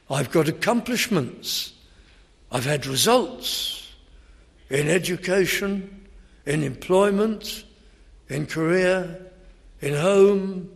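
A man preaching a sermon in a measured, emphatic way, recorded in a large church hall. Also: a little high. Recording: long reverb hall.

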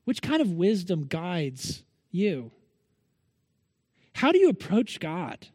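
A man's voice: sits high, huge pitch swings, slow, darkish tone, dry recording, in a large hall. A male pastor preaching a Sunday sermon in an earnest manner, pressing his listeners with repeated rhetorical questions.

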